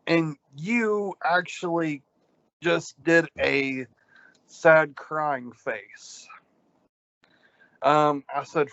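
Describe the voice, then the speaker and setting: A man's voice: a little high, extremely slow, pauses often, no room sound. A man, co-hosting a casual podcast, telling rambling stories full of ums. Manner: rambling, animated storyteller with lots of ums. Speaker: podcast co-host. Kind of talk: casual chat, storytelling rants. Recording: dull, lo-fi sound.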